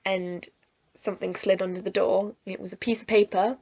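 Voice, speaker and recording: A woman's voice: medium pitch, level tone, a little fast, slightly rough, no echo. A young woman telling a personal storytime vlog in a chatty, emotional, giggly way, in a slightly muffled recording. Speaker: vlogger.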